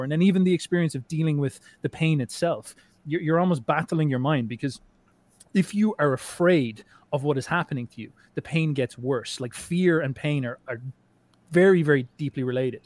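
Casting: quick-talking man, podcast guest, loose, rambling, swears a lot. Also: on the high side, darkish tone. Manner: rambling, swears often, many restarts and fillers. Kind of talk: casual conversation.

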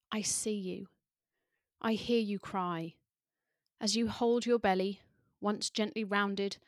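A woman podcast host reading a poem aloud in a soft, deliberate way. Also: mid-range voice, dry recording, studio quality. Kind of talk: slow, measured poetry reading.

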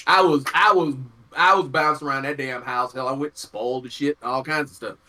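A man's voice: medium pitch, fairly even intonation, brisk, sharp tone. A man co-hosting a podcast in casual chat, talking bluntly and heatedly with plenty of swearing. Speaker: podcast co-host.

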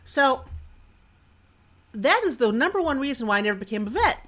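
A middle-aged woman talks through a personal story for her podcast. Her pitch swings widely as she acts out her own worries, and she laughs at herself often. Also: moderate pace, long pauses. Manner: animated, self-deprecating, laughs often. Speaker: podcast host.

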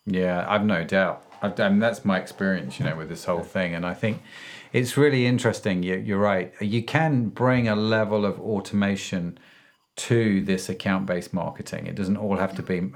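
A man's voice: low-pitched, steady tone, moderate pace. A male podcast host who wraps up a casual interview in an upbeat, effusive way and laughs easily.

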